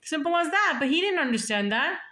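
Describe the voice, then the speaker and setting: A woman speaks in a high voice with a bright, forceful edge, telling her own story for a casual vlog. She is blunt and profane and hammers her points home, often repeating and restarting words. Her delivery stays emphatic throughout. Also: animated, brisk.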